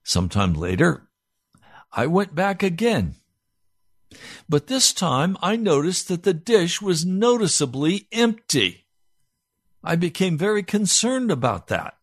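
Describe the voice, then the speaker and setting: Animated man preaching a sermon. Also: high-pitched, a little slow, pauses often, no room sound, clean studio sound. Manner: animated storytelling. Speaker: pastor.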